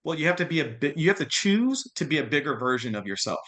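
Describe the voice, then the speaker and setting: A man in his thirties coaching real estate agents in a lively, conversational motivational talk, often restarting and acting out quotes. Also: fairly high pitch, quick pace. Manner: energetic, conversational, many restarts and acted-out quotes. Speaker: guest speaker, real estate social media coach.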